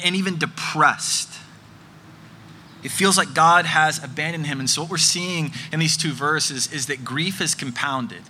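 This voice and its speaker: A man's voice: a little high, bright, forceful tone, slight background noise. A man preaching a sermon, earnest and emphatic, repeating phrases for effect.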